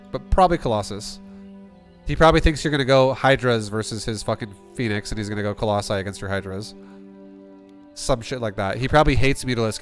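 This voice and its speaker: A man coaching a player through a game replay, blunt and rambling, swearing often and restarting sentences. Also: mid-range voice. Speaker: StarCraft coach. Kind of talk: casual replay coaching with profanity.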